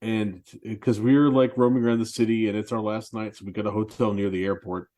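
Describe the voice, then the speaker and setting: Low-voiced man telling rambling stories. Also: flat delivery, quick pace, warm tone. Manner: rambling anecdotal storyteller, laughs at himself. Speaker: podcast co-host. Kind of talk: casual chat.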